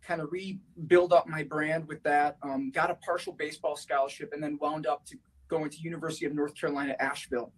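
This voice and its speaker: A man from Chicago answers interview questions with a slightly higher, husky voice. He talks reflectively and fills the pauses with fillers. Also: flat delivery, poor audio. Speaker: guest.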